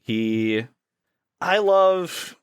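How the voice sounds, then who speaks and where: A man co-hosting a podcast in casual chat, enthusiastic and quick to act out lines he quotes. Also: high-pitched, lively intonation, smooth, no room sound, studio quality. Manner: enthusiastic, acts out quotes in shifting voices. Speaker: podcast co-host.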